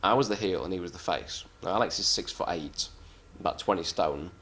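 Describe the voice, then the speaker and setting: A man's voice: low voice, brisk, a bit bright, slight background noise. A man, a wrestler being interviewed, telling backstage stories in a blunt, swearing, self-mocking way. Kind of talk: casual anecdotal storytelling.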